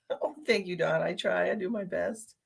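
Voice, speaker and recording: A woman's voice: fairly low pitch, measured pace, creaky, breathy edge. A woman who works as a psychic medium, chatting casually with viewers on her live stream. She is playful, laughs often and calls people sweetheart and honey.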